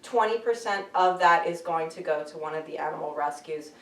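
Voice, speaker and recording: A woman's voice: low voice, a little fast. Chatty woman storyteller, echoey room. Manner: animated, chatty, frequent laughter. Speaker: animal communicator guest. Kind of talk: casual storytelling interview. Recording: echoey room, distant mic.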